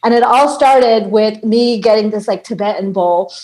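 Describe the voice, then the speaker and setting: A woman's voice: medium pitch, moderate pace, a little mellow, poor audio. A woman in her thirties from Bangladesh, a podcast guest who chats casually, often laughing and saying "like". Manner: chatty, laughs often, lots of "like". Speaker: podcast guest, sound healer. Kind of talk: casual conversation.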